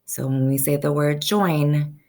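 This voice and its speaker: A woman teaching a first-grade phonics lesson, slowly stretching out each sound so children can say the words with her. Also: sits low, steady tone, a little mellow.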